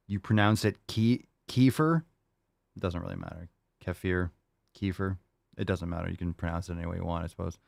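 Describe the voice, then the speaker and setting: A man's voice: deep voice, creaky, a little mellow, dry recording, clean studio sound. A man hosting a podcast, answering listener questions in a loose, rambling chat with jokey asides. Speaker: podcast host.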